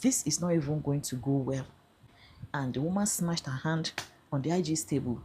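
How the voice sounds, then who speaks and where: An older woman speaks with a Nigerian accent in a low, mellow voice. She tells her story earnestly, sliding into Pidgin now and then. Faint noise sits under the recording. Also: moderate pace. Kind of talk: emotional first-person account.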